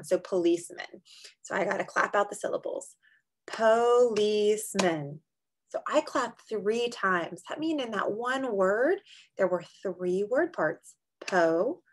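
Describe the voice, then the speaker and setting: A woman running an online small-group lesson for little kids. Her voice is fairly high and lively, rising and falling a lot. She talks in a slow, exaggerated, encouraging teacher way, stretching out words as she claps syllables. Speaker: kindergarten teacher.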